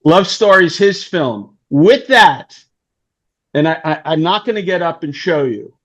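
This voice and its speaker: A man with a voice on the high side speaks a little slowly. A talent manager appearing as a guest storyteller, he tells a long anecdote in a casual interview, animated and acting out the voices of the people in it.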